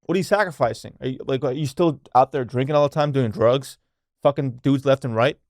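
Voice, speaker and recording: A man's voice: medium pitch, a little fast, a little mellow, no echo, clean studio sound. A young man hosting a solo podcast, talking casually and bluntly with plenty of swearing. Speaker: podcast host.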